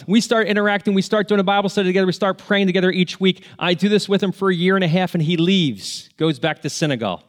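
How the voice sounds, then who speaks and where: A man with a high voice preaches, telling stories in an earnest, heartfelt way. He keeps a sermon's conversational storytelling tone. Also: quick pace, few pauses. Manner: earnest, emotional, tearful at moments. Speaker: pastor.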